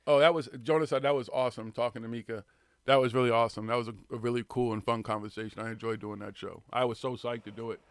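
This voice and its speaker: Fast-talking gravelly man ranting. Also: medium pitch, steady tone, no room sound. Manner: profane, ranting, laid-back slang. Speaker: host of a paranormal live radio show. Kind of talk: casual live radio chat.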